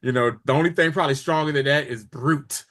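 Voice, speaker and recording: A fairly high-pitched man talks at a quick pace as a podcast co-host, chatting casually through a TV episode recap. He's animated, acting out the characters' dialogue as he goes.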